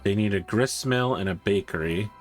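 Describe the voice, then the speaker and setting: A man with a fairly low voice talks through a city-building game in a relaxed, chatty way, reasoning out loud as he plays. His voice climbs when an idea excites him. Faint music plays underneath. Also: normal speed. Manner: chatty, thinking aloud, rising when excited. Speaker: gaming streamer. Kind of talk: casual gameplay commentary.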